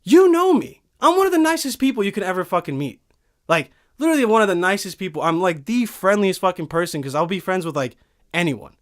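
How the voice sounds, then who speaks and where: A man's voice: high voice, lively intonation, quick pace, a bit bright. A man of twenty-one telling a rambling, profane story in casual podcast chat, heated and swearing often. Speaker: podcast guest. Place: recording studio.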